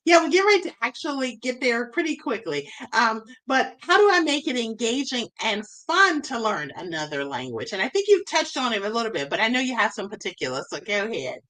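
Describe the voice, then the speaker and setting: A woman's voice: fairly high pitch, sing-song, a little fast, few pauses, low-quality recording. A woman hosting a casual interview, chatting and affirming her guest with frequent agreement. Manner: warm affirming interjections, conversational. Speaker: host.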